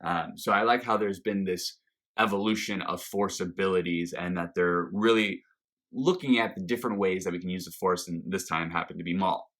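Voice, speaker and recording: Excitable male video reviewer, low voice with a bright edge, rambling. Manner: enthusiastic, rambling with fillers and restarts. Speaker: reaction video host. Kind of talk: casual review monologue.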